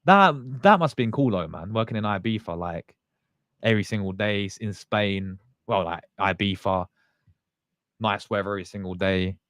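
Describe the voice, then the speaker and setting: A man with a fairly low voice talks casually to his livestream viewers. He rambles in a loose, slangy way, often restarting his sentences. The sound is dry and close, with no room echo. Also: lively intonation, moderate pace, a bit bright. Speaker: fan channel host.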